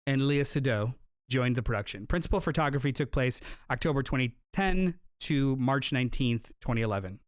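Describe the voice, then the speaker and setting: A man's voice: medium pitch, animated, a little fast, few pauses, dry recording, studio quality. A man hosting a podcast, running through film trivia in a jokey, rambling way. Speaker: podcast host. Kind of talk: casual chat.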